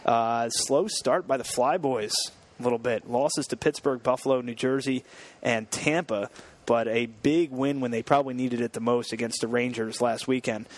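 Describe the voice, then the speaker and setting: A man's voice: mid-range voice, fairly even intonation. A man hosting a casual school sports radio show, talking loosely with many fillers and restarts. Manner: chatty, halting with many fillers. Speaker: station manager and show host.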